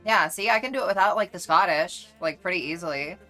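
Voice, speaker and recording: A woman chats loosely with viewers on a casual live stream, speaking fast in a low, bright voice. She's chatty and rambling, circling back and restarting sentences often, while soft music plays faintly behind her.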